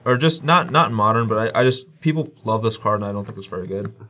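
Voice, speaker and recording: A man's voice: on the low side, fast, sharp tone. A man playing a card game, giving dry, terse answers to his opponent. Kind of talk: casual table talk during a match.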